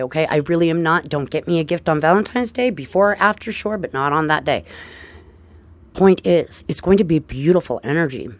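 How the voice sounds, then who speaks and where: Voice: mid-range voice, no echo. Chatty, upbeat astrologer with a dry sound. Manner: chatty, upbeat, playful, often asks "right?"; calls listeners dear friends. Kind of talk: casual astrology forecast to viewers.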